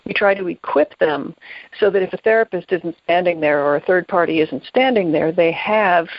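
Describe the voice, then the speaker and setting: Female interviewer, calm and attentive, dead-dry dull recording. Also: on the low side, dry recording. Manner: measured, attentive, asks careful questions. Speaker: interview host. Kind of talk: podcast interview.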